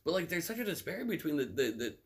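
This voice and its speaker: A man's voice: on the high side, big pitch swings, racing. A young man co-hosting a podcast, chatting casually and swearing freely, often breaking into laughter. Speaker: podcast co-host. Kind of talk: casual chat.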